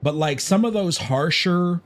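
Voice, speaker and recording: A man's voice: high-pitched, lively intonation, measured pace. A man from Chicago chatting casually on a gaming livestream, rambling, opinionated and swearing freely. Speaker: gaming streamer.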